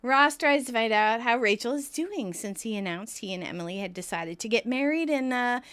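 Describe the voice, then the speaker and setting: A woman's voice: fairly high pitch, expressive, normal speed, fairly bright tone, clear, resonant tone. A woman co-hosting a podcast, recapping a sitcom episode in casual chat and laughing often. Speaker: podcast co-host.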